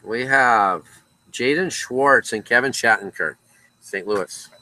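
A man's voice: mid-range voice, slow pace, pushed and bright, no room sound, poor audio. A man hosting a casual card break from a card shop, chatting with viewers by name as he calls out each card.

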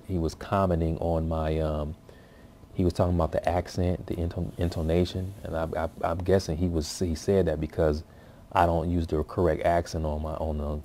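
At home with his baby nearby, a man with a deep, dark-toned voice gives casual commentary on his language practice. It's loose and rambling, heavy with fillers and restarts, and there's slight background noise.

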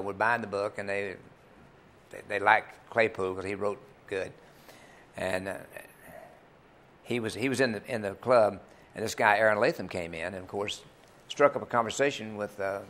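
A man's voice: fairly low pitch, normal speed, fairly bright tone. An older man, a country singer telling rambling, folksy anecdotes in a TV interview. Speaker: country singer and club owner, interview guest. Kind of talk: storytelling in a TV interview.

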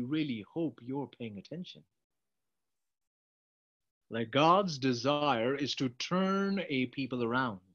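A man preaching a sermon, emphatic, swinging between loud urgent appeals and quiet asides. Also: medium pitch. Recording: dull, lo-fi sound.

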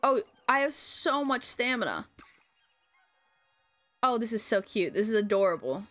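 Chatty girl streaming a game, high bouncy voice, gushes a lot, faint music behind. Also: measured pace. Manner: chatty and excitable, gushing over cute things. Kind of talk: casual game commentary.

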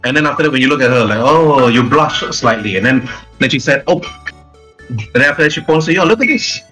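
Man, game master, mid-pitched voice, rambling narration, faint music behind. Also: fast, pushed and bright, rough recording. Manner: rambling, frequent restarts and "and then".

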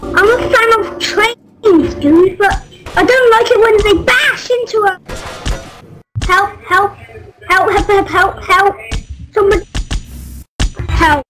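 A young child playing a sandbox game, whining, shouting and pleading to be left alone. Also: female voice, very high voice, slow pace, long pauses, over music, rough recording. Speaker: game player. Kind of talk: excited game chatter.

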